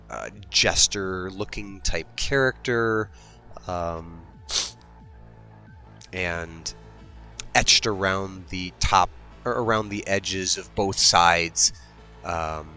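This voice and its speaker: A man playing a tabletop game, slowly describing his character's actions with many hesitations. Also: sits low, sharp tone. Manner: slow, rambling, hesitant, with many ums. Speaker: player.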